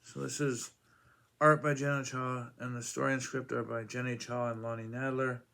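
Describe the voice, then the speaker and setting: A man's voice: medium pitch, level tone, moderate pace, creaky, pushed and bright. A man casually reviewing comic books, rambling with many fillers and acting out quoted lines in a raised voice.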